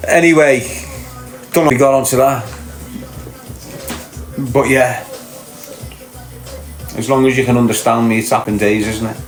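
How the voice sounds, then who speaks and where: A man with a Liverpool accent hosts a podcast, chatting casually at normal speed with fairly even intonation, a medium pitch and long pauses. He rambles and slips in rhetorical questions, and the echoey room carries faint music.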